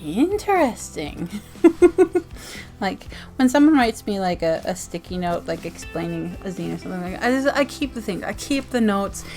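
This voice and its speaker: A woman's voice: medium pitch, very animated, moderate pace, mellow, soft background music. A woman vlogger sharing zines from her mail in casual chat, bubbly and gushing with frequent giggles. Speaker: zine reviewer vlogger.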